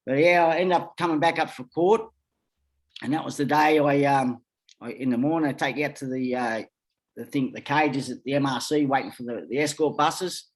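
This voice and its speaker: A man's voice: medium pitch, normal speed. An Australian man telling rambling stories as a podcast guest, talking bluntly and swearing freely. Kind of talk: casual storytelling.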